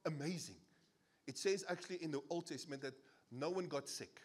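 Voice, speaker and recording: A South African-accented man preaching a sermon as pastor, animated and playful, laughing as he jokes with the congregation. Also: fairly high pitch, fairly quick, breathy edge. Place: church service.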